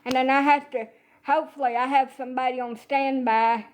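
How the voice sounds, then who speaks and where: Fairly quick and steady in tone, with slight background noise, a high-voiced streamer in her late thirties from Alabama grumbles and swears through a comic rant into the camera. Her complaints run loose, loud and exaggerated as she tells the story casually.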